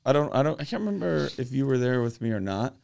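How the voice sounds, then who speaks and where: A man's voice: medium pitch, expressive, fast, gravelly, darkish tone. A man co-hosting a comedy podcast, chatting casually and rambling through anecdotes with acted-out voices. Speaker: podcast co-host.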